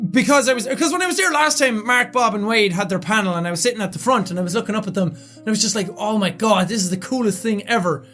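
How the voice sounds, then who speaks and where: Young man, hoarse and raspy, loud and excitable, bright forceful tone, casual vlog chat. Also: sits high. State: raspy, strained voice. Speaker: YouTuber.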